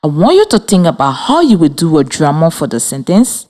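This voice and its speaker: A woman from Liberia teaching a children's reading lesson over radio, speaking slowly and clearly with encouragement. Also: deep voice, big pitch swings, warm tone. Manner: slow, clear, encouraging, spells and claps out words. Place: radio studio with students.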